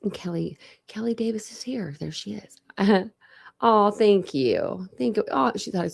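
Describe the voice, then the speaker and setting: A young Ohio woman hosts a true crime livestream while wearing a dental retainer, talking around it as she greets viewers and chats loosely. Her medium-pitched voice is expressive and darkish, with vocal fry and a measured pace. She rambles happily, dropping "like" again and again.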